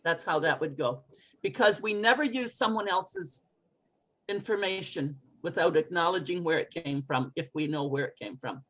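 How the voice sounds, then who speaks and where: A woman's voice: low voice, normal speed, rough recording. Encouraging female pronunciation coach. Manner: expressive, encouraging, models phrases for repetition. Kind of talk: online group pronunciation lesson.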